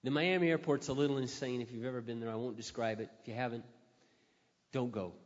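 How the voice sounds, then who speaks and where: Middle-aged man, storytelling, self-mocking, animated, echoey hall, muffled sound. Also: mid-range voice, quick pace. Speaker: Christian speaker. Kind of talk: storytelling talk.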